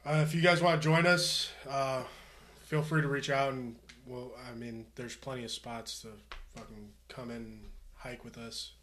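A man's voice: medium pitch, little pitch movement, normal speed, a bit bright. A man co-hosting a podcast, telling a crude story in casual chat, swearing freely and laughing as he goes. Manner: profane, laughing anecdote teller. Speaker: podcast co-host.

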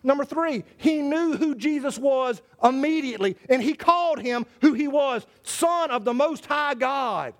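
A man's voice: very high voice, animated, a little slow, hardly any pauses, fairly bright tone. A man preaching a sermon as pastor, impassioned, repeating and restarting phrases as he drives his points home.

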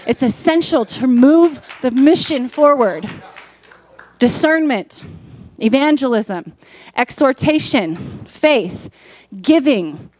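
Woman pastor, sermon, higher voice, dry close sound, casual delivery that builds to emphatic peaks. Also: animated, slow pace, darkish tone, no echo. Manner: conversational preaching, rising to emphatic peaks.

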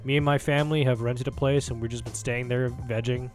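Deadpan joking man on a podcast. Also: mid-range voice, fairly quick, soft background music. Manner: dry, joking, deadpan asides. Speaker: podcast co-host. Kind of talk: casual chat.

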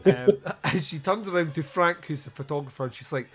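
A man's voice: fairly high pitch, a bit bright. A man hosting a podcast, reviewing a movie in casual, sarcastic chat with frequent laughs. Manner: laughing, sarcastic, quick asides. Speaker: podcast host.

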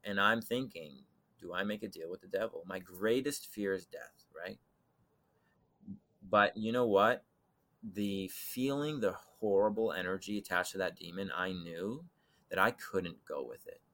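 A young man tells a chilling personal story as a guest on a talk show. His voice is low yet bright and forward. He acts out other voices and swings between loud outbursts and hushed near-whispers. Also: unhurried. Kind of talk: dramatic storytelling in conversation.

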